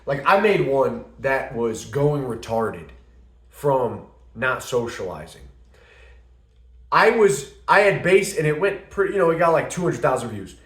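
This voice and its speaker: A young man vlogging in a casual, rambling monologue, telling a story with animated quoted asides. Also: medium pitch, a little slow. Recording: echoey room.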